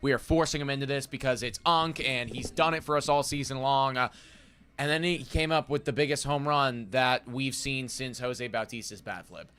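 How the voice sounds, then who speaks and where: A man's voice: medium pitch, fairly even intonation, normal speed, fairly bright tone, clear, resonant tone. A man co-hosting a casual sports chat, talking earnestly and leaning on stock phrases and fillers. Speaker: co-host.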